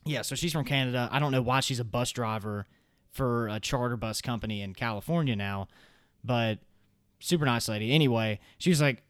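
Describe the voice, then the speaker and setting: Young Southern man, podcast storyteller; smooth clear voice, dry close sound, rambling and self-amused. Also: mid-range voice, a little fast, a bit bright, dry recording. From American South. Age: young adult. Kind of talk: casual storytelling.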